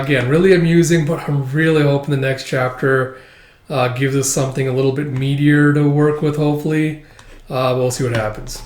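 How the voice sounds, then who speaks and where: A man casually recapping a manga chapter, acting out lines in quick put-on voices. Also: a little high. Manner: animated, acts out dialogue in quick put-on voices. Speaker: manga reviewer. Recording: echoey room.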